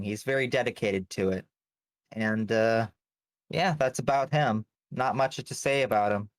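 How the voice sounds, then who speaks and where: Slow-talking player describing a character. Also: mid-range voice, no echo. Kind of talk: casual self-introduction.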